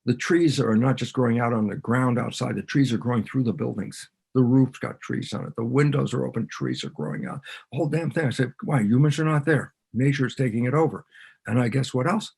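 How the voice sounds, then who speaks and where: A man with a gravelly, somewhat husky voice talks as a guest on an interview podcast. He explains his points with lively energy, often switching into quoted voices to act out little back-and-forth exchanges. His pitch sits in an ordinary middle range. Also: a little fast. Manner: animated, acts out both sides of dialogues.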